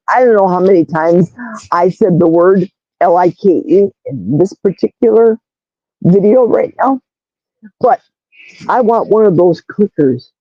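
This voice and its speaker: Reading chat comments out loud and drifting between stories, a livestream host in her sixties speaks in a lowish voice. The sound is dry with no room echo and a dull quality.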